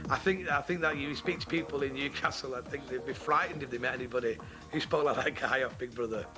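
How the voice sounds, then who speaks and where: A man's voice: mid-range voice, fast talker, over music. A man frankly giving his opinion, a little sheepish about it. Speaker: interviewee. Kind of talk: casual opinion.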